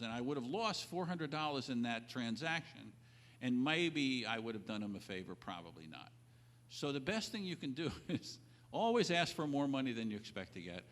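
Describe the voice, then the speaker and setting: A man giving animated business advice, stressing key points over and over and acting out both sides of a deal. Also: medium pitch, moderate pace. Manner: emphatic, repeats key points. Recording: reverberant old audio recording.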